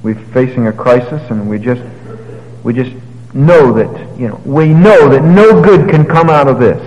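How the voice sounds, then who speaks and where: A male preacher delivering a sermon in a large hall, his voice ringing with a long reverb. He retells the story with animated paraphrases and moves between loud emphasis and quiet, low passages. His pitch sits in the middle range for a man. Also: unhurried, dull audio.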